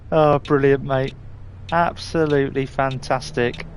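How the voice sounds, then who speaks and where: A man talks slowly and casually as he streams a driving game, rambling and restarting his sentences with the odd mild curse. A faint hum sits under his voice. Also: medium pitch, gravelly. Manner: chatty, rambling, stumbling restarts, mild swearing. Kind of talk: casual live gameplay chat.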